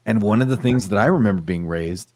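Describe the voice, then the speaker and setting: A man's voice: lowish voice, quick pace, mellow, dry recording. A man hosting a casual podcast, reading news aloud with a sardonic edge. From United States. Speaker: podcast host.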